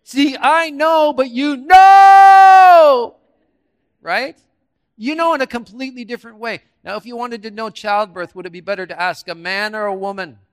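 A male preacher with a notably high voice delivers an animated, interactive sermon. He fires questions at the congregation and jokes with them, dropping to quiet asides before rising to loud, emphatic bursts. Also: brisk, clear, resonant tone. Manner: interactive, quizzes the audience and jokes. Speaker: guest preacher.

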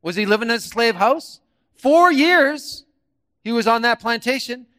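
Male guest preacher, high voice, sermon. Interactive and jokey, with big swings from hushed to loud. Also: expressive, a little slow. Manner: interactive, quizzes the audience and jokes; swings from quiet asides to loud emphatic bursts.

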